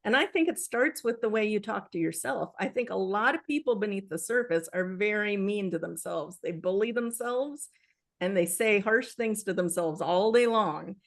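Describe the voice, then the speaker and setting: A woman's voice: medium pitch, moderate pace, vocal fry. A woman author, a guest in an interview, speaking earnestly and acting out quoted self-talk. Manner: earnest, animated with acted-out quotes. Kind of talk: conversational interview.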